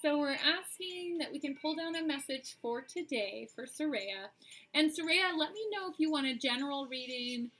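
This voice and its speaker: A woman's voice: high-pitched, expressive, normal speed, a bit bright, poor audio. A woman hosting a live-streamed oracle card reading, chatting straight to her viewers with frequent "um"s.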